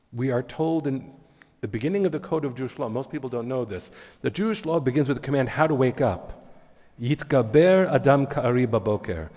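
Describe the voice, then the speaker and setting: Earnest rabbi in a reverberant hall. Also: male voice, mid-range voice, warm tone. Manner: reflective, earnest, blessing-giving. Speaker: rabbi, keynote speaker. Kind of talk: keynote sermon with storytelling.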